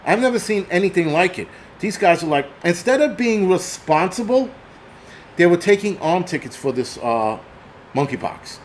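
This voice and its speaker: A man's voice: sits high, lively intonation, moderate pace, slight background noise. Ranting, foul-mouthed man. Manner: angry, swearing, ranting. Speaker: channel host. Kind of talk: profane rant vlog.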